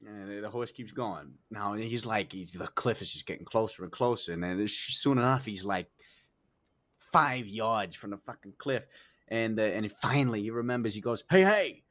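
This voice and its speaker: A man's voice: fairly low pitch, normal speed, fairly bright tone. A man telling long, rambling jokes in character during a roleplay, full of fillers and restarts, swearing casually.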